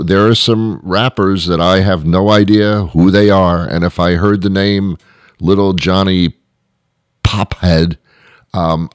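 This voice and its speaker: Middle-aged male host, very deep voice, rambling comic monologue, deadpan wit. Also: dry recording, studio quality. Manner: rambling, wry, deadpan asides. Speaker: show host. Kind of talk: comedic monologue.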